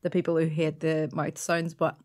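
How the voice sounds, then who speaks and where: A woman's voice: low voice, monotone, normal speed, darkish tone, a little hiss or hum. A woman with an Irish accent co-hosting a podcast in casual chat, chatty and playful, often laughing. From Ireland. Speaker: podcast co-host.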